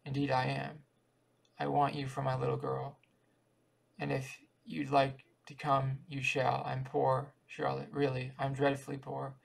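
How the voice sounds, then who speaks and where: A man reading the lines of a gentle, affectionate young woman who speaks tenderly, in his own gravelly voice. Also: mid-range voice, completely flat delivery, measured pace. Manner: tender, warm words.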